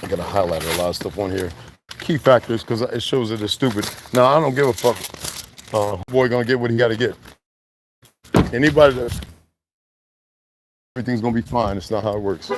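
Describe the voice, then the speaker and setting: A man's voice: fairly low pitch, a little fast, long pauses, slight background noise. A man hosting his own channel, mixing a blunt, profane rant with reading a text aloud, recorded at home. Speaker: channel host.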